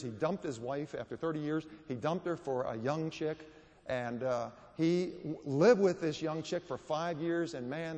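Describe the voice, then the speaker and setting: A man's voice: medium pitch, darkish tone. A man preaching a sermon in a church, telling stories and building to emphatic peaks. His voice rings out with a long reverb around it. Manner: storytelling with rising emphasis. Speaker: guest preacher. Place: church or hall.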